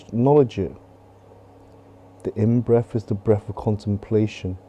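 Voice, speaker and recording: A qigong teacher talks his class through stretches and breathing, calm and patient, coming back to the same gentle cues. His voice sits a little low and mellow. It is caught on a close mic while he moves, with a faint hiss underneath. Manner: calm, coaching with gentle repetition. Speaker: qigong instructor. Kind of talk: guided movement and breathing class. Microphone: close clip-on mic while moving.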